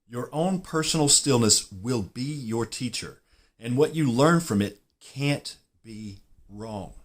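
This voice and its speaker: A man's voice: medium pitch, animated, slow. A man with a Southern US drawl hosting his own golf channel, explaining himself in a rambling, self-deprecating way. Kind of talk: casual explainer monologue.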